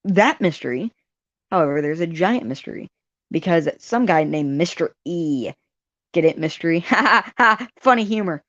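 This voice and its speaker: A woman rants at home in a casual, rambling way, full of sarcastic asides that she laughs at herself. Her voice sits slightly low. The recording is dull and lo-fi, with a dead-dry sound and no room echo. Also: lively intonation, moderate pace. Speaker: vlog host. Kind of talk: casual ranting monologue.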